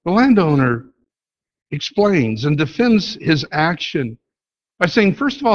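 A man with a high voice preaches a sermon and brings a story to life by acting out each person's lines. The recording sounds dull and lo-fi. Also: unhurried, a little hiss or hum. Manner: storytelling, acts out dialogue, animated.

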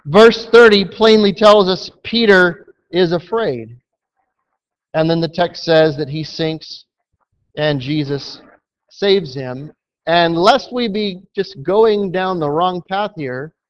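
A man delivers a sermon at an unhurried pace, leaning hard on key words and acting out the lines of the story. His voice sits a little high. The recording is dull and lo-fi. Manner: emphatic, storytelling with acted quotes. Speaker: preacher. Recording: dull lo-fi sound.

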